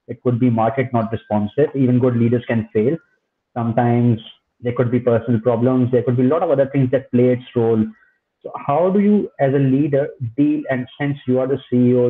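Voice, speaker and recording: A man hosting an interview, asking polite, wordy questions. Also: medium pitch. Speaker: interview host. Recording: thin phone-like line.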